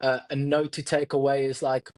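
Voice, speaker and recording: A man's voice: medium pitch, level tone, moderate pace, a little mellow. A young man co-hosting a podcast, talking casually and earnestly, reflecting and speaking straight to listeners. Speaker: podcast co-host. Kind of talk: casual chat.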